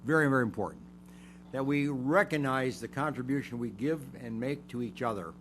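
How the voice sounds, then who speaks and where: A man's voice: medium pitch, brisk, a bit bright, a little hiss or hum. An older man teaching a psychology lesson, making numbered points and repeating key words for emphasis. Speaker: psychology show host. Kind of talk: lecture-style teaching.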